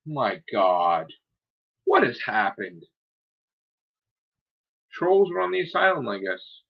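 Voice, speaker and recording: A man's voice: medium pitch, very animated, measured pace, long pauses, breathy edge, highs cut off. A man hosting his own live stream, ranting in a heated, profane, scolding way. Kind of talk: angry live-stream rant.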